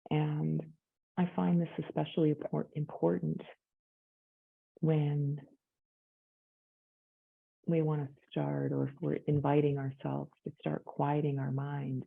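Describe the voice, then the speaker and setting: A woman yoga instructor giving gentle, inviting guided meditation instructions. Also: sits low, flat delivery, slow, gravelly, pauses often, slightly rough. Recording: tinny phone-like sound.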